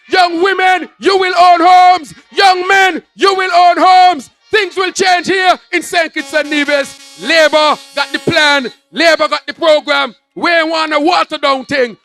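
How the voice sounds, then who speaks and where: A man with a Kittitian accent giving a rousing political rally speech, shouting his lines in repeated, punchy phrases to an outdoor crowd. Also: extremely high pitch. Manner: shouted, rousing, repetitive call-and-response phrasing.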